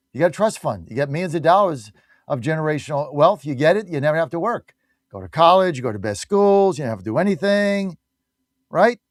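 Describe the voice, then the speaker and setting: A man's voice: on the high side, no echo, clean studio sound. A man hosting a talk radio show, delivering an opinionated monologue in a combative, mocking and blunt way.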